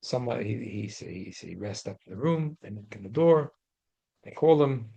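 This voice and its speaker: A man's voice: lowish voice, lively intonation, normal speed, vocal fry, warm tone, slightly rough, poor audio. A man teaching a religious class in a casual storytelling way, chatty, with many restarts and Hebrew and Yiddish terms mixed in.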